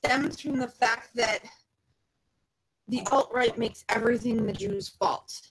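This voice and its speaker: High, lively woman, pointed questions. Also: measured pace, gravelly, a little hiss or hum, poor audio. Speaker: debate participant on a voice call. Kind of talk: casual political debate.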